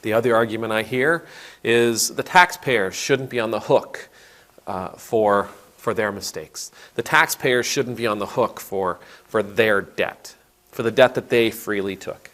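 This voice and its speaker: A man's voice: fairly low pitch, a little slow, fairly bright tone. A man, an Anglican priest, giving a casual spoken sermon on a parable, retelling it with voices and often restarting his sentences. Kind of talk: conversational video sermon.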